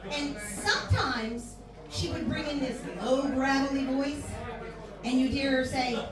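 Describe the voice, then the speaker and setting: A woman's voice: high voice, unhurried. A woman in her fifties from Philadelphia doing a brash, salty stand-up set in a bar. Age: 50s. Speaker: stand-up comedian. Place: bar with live audience. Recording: echoey room from far off, crowd.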